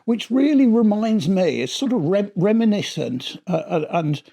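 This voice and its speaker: A middle-aged man talks through an album in a casual, rambling review, often doubling back on his words. His voice sits a little high and has a gravelly, creaky edge. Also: sing-song, moderate pace, mellow. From Britain. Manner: chatty and rambling, often restarting his sentences.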